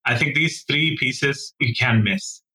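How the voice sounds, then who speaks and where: A man speaks as a physician leader in a podcast interview, earnest and emphatic. His voice is bright and forceful at a middle pitch. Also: slow pace, poor audio. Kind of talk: professional interview answers.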